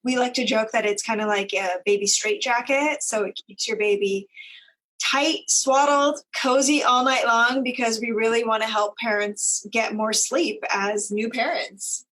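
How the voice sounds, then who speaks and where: A woman in her thirties talks as a guest on a podcast. Her voice sits fairly high. She keeps an upbeat tone and chimes in readily. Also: steady tone, measured pace, a bit bright, low-quality recording. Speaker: guest, business founder. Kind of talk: casual interview.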